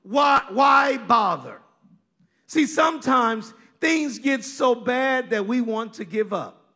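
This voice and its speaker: High-voiced slow-preaching Kansas pastor. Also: male voice, pushed and bright. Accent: rural Kansas. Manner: emphatic preaching with repeated words and fillers. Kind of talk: sermon.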